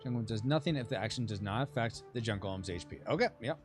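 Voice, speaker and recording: A man's voice: medium pitch, animated, quick pace, soft background music. A man hosting a casual board game playtest, chatting and checking the rules aloud. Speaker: game host.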